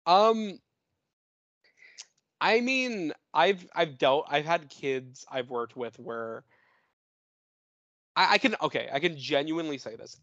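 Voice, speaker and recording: A man's voice: mid-range voice, fairly bright tone, no room sound, highs cut off. A young man co-hosting a podcast, thinking aloud with hesitant restarts and fillers. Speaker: podcast co-host. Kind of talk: casual chat.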